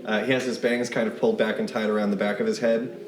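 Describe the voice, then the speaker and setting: A man's voice: fairly low pitch, little pitch movement, fast, echoey room, distant mic, a little hiss or hum. A man running a tabletop game as game master, describing scenes in a loose, chatty way with many fillers.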